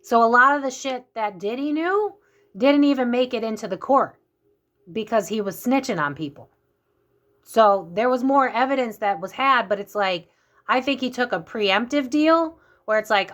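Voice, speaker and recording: A woman's voice: fairly high pitch, lively intonation, normal speed, fairly bright tone. Chatty, rambling woman doing a psychic reading. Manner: chatty, rambling, full of fillers and restarts. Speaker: psychic reader. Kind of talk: casual tarot reading vlog.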